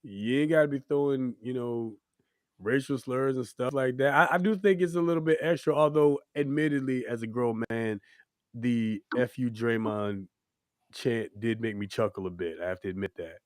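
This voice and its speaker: A young man hosts a casual podcast, loose and animated, often breaking into playful mock-scolding. His voice sits at an ordinary middle pitch. The sound is dry and close, with no room around it. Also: moderate pace, dry recording. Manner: animated, loose and joking, mock-scolding asides to sports fans. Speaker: podcast host. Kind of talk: casual chat.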